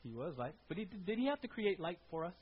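A man gives a conversational sermon in a fairly high, husky voice. He keeps checking in with the congregation through quick questions. The recording is dull and lo-fi. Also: big pitch swings. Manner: conversational preaching, frequent "right?" tag questions. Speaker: pastor. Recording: dull lo-fi sound.

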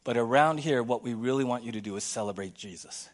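A man preaching a sermon as pastor in a church, playful and animated, acting out little scenes for the congregation. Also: medium pitch, quick pace. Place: church sanctuary.

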